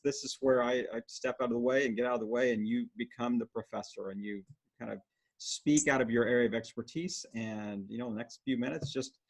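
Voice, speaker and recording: A man's voice: mid-range voice, creaky, low-quality recording. A man hosting a podcast, chatting casually and encouragingly with his guest, often restarting his sentences. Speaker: podcast host. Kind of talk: casual interview chat. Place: podcast recorded on camera.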